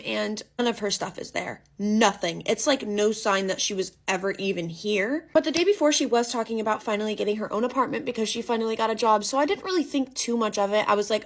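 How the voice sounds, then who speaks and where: A young woman in her twenties narrating a storytime tale in a chatty, dramatic way, dropping to a hush and then bursting with excitement. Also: on the high side, fairly quick, few pauses. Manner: chatty and dramatic, swings between hushed and excited.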